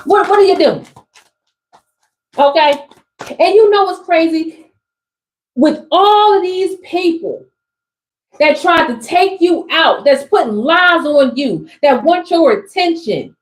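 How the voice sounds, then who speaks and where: A spiritual coach with an East Coast accent reads tarot cards for a live audience, her extremely high voice animated yet slow, with long pauses. She's emphatic and slangy, repeating phrases. The audio quality is poor.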